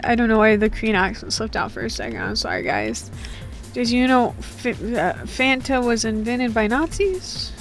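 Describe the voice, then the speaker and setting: A woman's voice: fairly high pitch, big pitch swings, moderate pace, soft background music. A woman giving casual, joking, rambling commentary while playing a game, full of slang. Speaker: gaming streamer.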